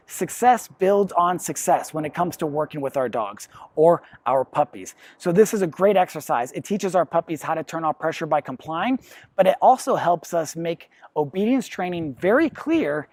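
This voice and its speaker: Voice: medium pitch, lively intonation, normal speed. A dog trainer giving a plain, step-by-step lesson on puppy training, explaining with everyday comparisons. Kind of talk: instructional talk to camera.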